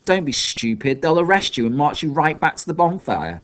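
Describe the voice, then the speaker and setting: A sharp-tongued young girl inventor, exasperated and scornful, pitched well up high, as a male narrator puts her on. She snaps and hisses her replies in a storybook reading. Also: big pitch swings, moderate pace.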